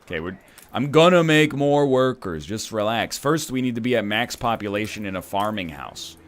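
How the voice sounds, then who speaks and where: A man's voice: fairly low pitch, lively intonation, normal speed. A man from Canada giving casual gameplay commentary as a streamer, rambling with joking asides. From Canada (Ontario).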